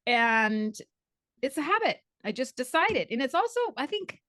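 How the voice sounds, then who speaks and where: A woman guest and coach in a podcast interview, telling stories and acting out her own past thoughts in quick little voices. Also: sits high, no room sound. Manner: animated storyteller who acts out her own past thoughts.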